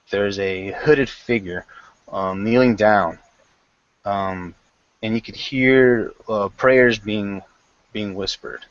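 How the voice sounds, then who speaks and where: A man narrates a tabletop game as game master, halting often and correcting himself. He speaks very slowly in a lowish voice. The recording is dry and dull, with a lo-fi sound. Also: fairly bright tone, dry recording. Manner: halting, with many fillers and restarts.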